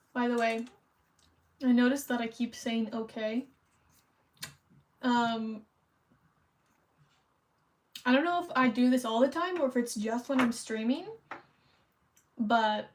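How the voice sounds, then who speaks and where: A woman streaming as she crafts, chatting casually, teasing herself and repeating words as she thinks aloud. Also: a little high. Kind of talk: casual livestream chat.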